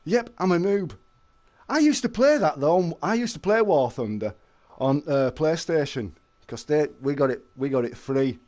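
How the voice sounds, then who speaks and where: A man's voice: a little high, lively intonation, moderate pace, darkish tone, dry recording. A man streaming a fishing game live, chatting and joking with his viewers and answering their messages.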